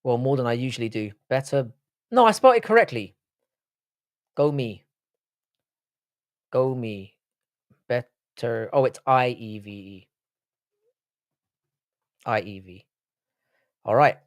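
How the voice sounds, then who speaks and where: A man's voice: mid-range voice, lively intonation, a little slow, long pauses. A man with a London accent hosting a live stream, chatting casually, reading the chat aloud and trading crude banter. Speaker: livestream host.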